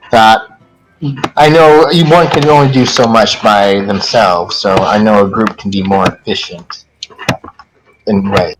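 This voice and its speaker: A man playing a tabletop role-playing game, speaking for his character and describing what she does, in halting sentences. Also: medium pitch, rough recording. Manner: halting, stops and restarts mid-sentence.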